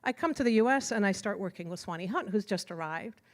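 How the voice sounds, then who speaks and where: Earnest middle-aged woman, halting storyteller. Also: medium pitch, expressive. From Iran. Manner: earnest, halting with restarts and fillers. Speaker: symposium speaker. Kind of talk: personal storytelling talk.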